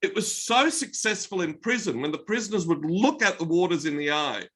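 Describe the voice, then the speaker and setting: Bright-voiced Australian man giving a motivational talk. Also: high voice, brisk. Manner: energetic anecdotal storytelling. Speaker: keynote speaker.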